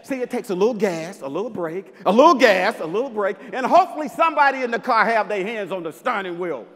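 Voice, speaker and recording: A high-pitched man speaking live on a festival stage, playful and punchy, with sudden loud bursts for emphasis. His voice rings out with a long hall reverb trailing behind it. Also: animated, quick pace. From Mississippi, US. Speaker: basketball coach giving a talk. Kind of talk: live inspirational stage talk. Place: large festival venue with audience.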